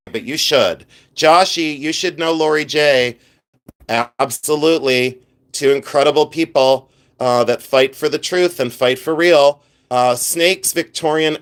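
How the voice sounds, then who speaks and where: A middle-aged man from Ohio with an Ohio accent, a reseller chatting animatedly on a live stream while showing jewelry. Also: a little high. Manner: chatty, animated, quick asides and laughs. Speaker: jewelry reseller hosting a livestream. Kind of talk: live stream show-and-tell.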